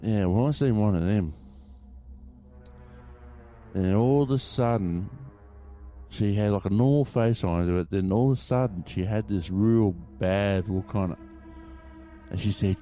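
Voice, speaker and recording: A man's voice: fairly low pitch, measured pace, long pauses, dark tone, faint music behind. A man hosting a podcast, rambling casually through a story and swearing freely as he talks to his listeners. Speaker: podcast host.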